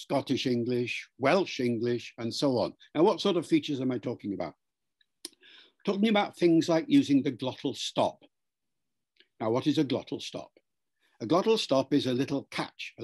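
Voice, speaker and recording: A man's voice: medium pitch, darkish tone. A man, a linguistics professor, explaining pronunciation in an interview in a lecturing way and demonstrating sounds aloud.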